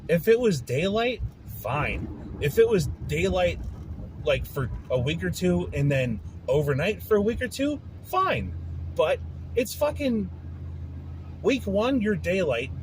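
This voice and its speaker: A man's voice: sits high, very animated, a little slow, noisy background. A man hosting his own podcast, venting in a frustrated, profane casual rant. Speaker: podcast host. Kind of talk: casual ranting monologue.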